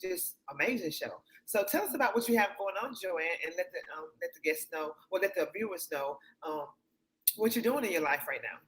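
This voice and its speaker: A woman's voice: lowish voice, expressive, fairly quick, fairly bright tone, rough recording. A woman hosting a casual interview, effusive and affirming, with playful slang. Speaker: host.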